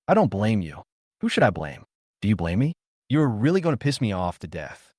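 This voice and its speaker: A man's voice: medium pitch, sing-song, brisk, a little mellow, dry recording, studio quality. A man voicing a huffy, easily riled young student. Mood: indignant. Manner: huffy, complaining.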